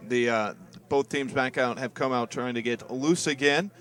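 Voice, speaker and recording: Man, color commentator, relaxed, wry asides, football webcast. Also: mid-range voice, normal speed. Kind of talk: live sports webcast commentary.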